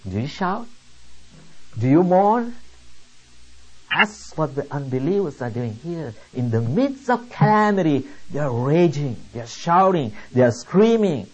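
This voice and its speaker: A preacher delivering a sermon in a slow, emphatic way, asking the listeners one rhetorical question after another. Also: mid-range voice, big pitch swings, breathy edge, muffled recording.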